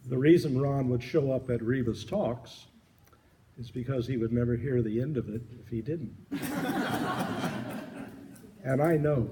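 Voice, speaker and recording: A man's voice: mid-range voice, sing-song, a little slow, long pauses, very noisy. Wry man speaking at a memorial.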